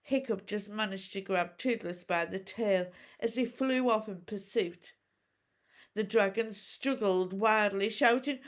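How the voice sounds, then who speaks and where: A woman teacher reading a storybook aloud to pupils in an expressive, measured way. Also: medium pitch.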